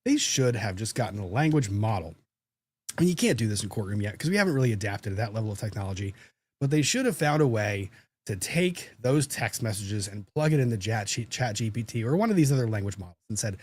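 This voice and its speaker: A man's voice: lowish voice, lively intonation, a little fast, darkish tone, slightly rough. A man who is a lawyer, hosting a casual livestream, chatting and reading viewer comments in a joking, self-deprecating way.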